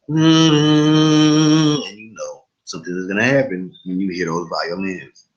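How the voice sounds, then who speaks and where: A man's voice: sits low, fairly bright tone, lo-fi sound. A young man recapping a TV episode in a loose, chatty way, full of asides and fillers. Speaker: TV recap host.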